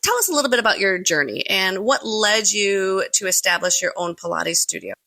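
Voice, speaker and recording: A woman hosts an interview podcast in an effusive, encouraging way, piling on affirmations. Her voice is bright with a gravelly edge of vocal fry. The sound is close and dry. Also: mid-range voice, animated, fairly quick, no echo. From United States. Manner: warm, effusive, many affirmations. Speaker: podcast host, Pilates teacher. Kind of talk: casual interview chat.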